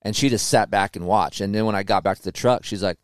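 A man telling a racing story on a podcast, animated and profane, loudly acting out quotes. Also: on the low side, fast talker, clear, resonant tone, dry recording. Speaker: guest, motocross racer.

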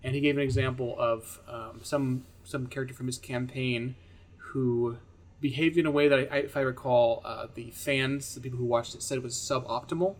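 A man co-hosting a casual podcast chat, who runs his own games and argues his points in a measured, dry way. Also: medium pitch, fairly even intonation. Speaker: podcast co-host, game master.

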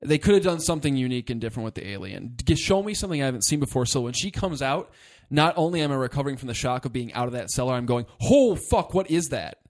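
A man in a relaxed podcast chat, ranting about a film with lively, profane energy. He rambles, restarts his sentences and swears often. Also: medium pitch, rapid-fire, few pauses. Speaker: podcast co-host. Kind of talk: casual movie discussion.

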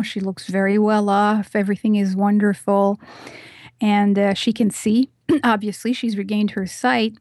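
A woman guest on a podcast, chatting casually and retelling a film scene in animated detail, with lots of "you know" fillers. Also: mid-range voice, dry recording.

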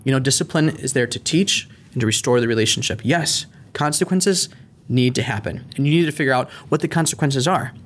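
A middle-aged man hosting a faith-based parenting podcast, earnest and animated, sometimes acting out an angry parent. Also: mid-range voice, fast talker, hardly any pauses. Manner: earnest, animated, acts out yelling at his kids. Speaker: podcast host.

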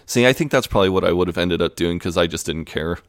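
Deep smooth-voiced man. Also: fast talker, no echo, studio quality. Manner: relaxed retelling, quoting characters in plain voice. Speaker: podcast co-host. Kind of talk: casual podcast recap.

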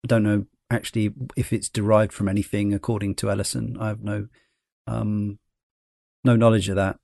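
A man's voice: fairly low pitch, flat delivery, normal speed, gravelly, a little mellow, no echo, clean studio sound. A man co-hosting a podcast, explaining points in casual chat. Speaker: podcast co-host.

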